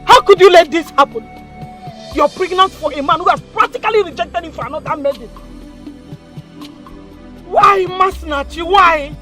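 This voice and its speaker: A fiery mother, high voice, faint music underneath. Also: moderate pace, long pauses, fairly bright tone. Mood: scolding. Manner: scolding, exclamatory. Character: angry mother of a pregnant daughter. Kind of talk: Nollywood film acting.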